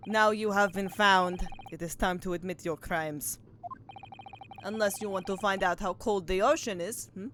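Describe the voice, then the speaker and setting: A woman voicing a menacing male Russian sailor in a put-on Russian accent, slowly threatening a captive and ending lines with a mocking "hmm?". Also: medium pitch, fairly bright tone, a little hiss or hum, close to an everyday voice. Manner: slow threatening interrogation with mocking "hmm?" tags. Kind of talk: reading game dialogue aloud.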